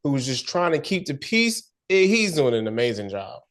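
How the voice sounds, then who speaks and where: A man co-hosting a casual TV recap podcast, slangy and animated, acting out characters' lines as he talks. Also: on the high side, moderate pace. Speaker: podcast co-host.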